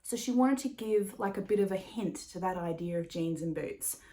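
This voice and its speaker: A woman's voice: fairly low pitch, normal speed, dark tone. A woman hosting a knitting podcast in a casual, rambling chat, laughing often and swearing now and then. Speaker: podcast host.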